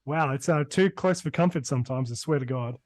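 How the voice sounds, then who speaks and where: A man's voice: mid-range voice, a little fast, no room sound. A man with a Brisbane Australian accent, chatting casually on a podcast, rambling with lots of fillers. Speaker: podcast co-host. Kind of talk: casual chat.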